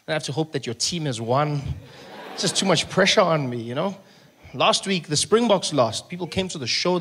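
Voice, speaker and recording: A young man with a South African accent doing animated stand-up comedy on a club stage into a handheld mic. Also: a little high. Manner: animated, acts out characters. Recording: live show with clear noise.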